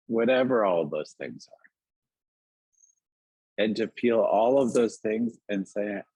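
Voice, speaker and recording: A man talking gently and reflectively as a guest author on a video call, musing aloud with many "like"s and "you know"s. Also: fairly low pitch, expressive, takes it slowly, pauses often, breathy edge, no echo. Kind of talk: reflective conversation. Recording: dull lo-fi webinar audio.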